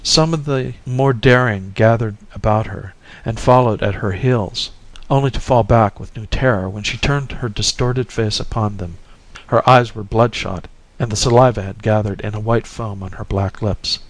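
A man's voice: fairly low pitch, no room sound, low-quality recording. Man narrating a story in a dry, close voice. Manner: measured, expressive storytelling. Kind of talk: audiobook narration of a classic story.

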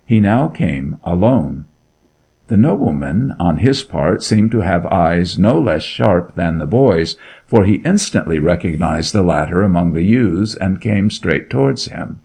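Low, gravelly male storyteller. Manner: measured, expressive storytelling. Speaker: narrator. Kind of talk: audiobook story reading.

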